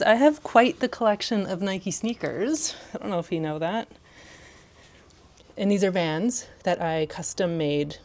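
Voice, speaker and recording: Slow, chatty woman vlogging at home. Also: on the low side, a little mellow. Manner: chatty, rambling, laughs often. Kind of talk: casual chatty vlog. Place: home room.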